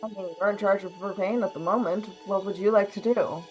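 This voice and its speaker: A woman's voice: mid-range voice, moderate pace, dull audio, faint music behind. A woman running a tabletop role-playing game as game master, narrating in a plain, matter-of-fact way.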